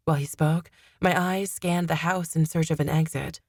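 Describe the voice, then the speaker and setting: A woman reading first-person fantasy narration in a steady, measured way. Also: deep voice, no room sound, studio quality. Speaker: audiobook narrator.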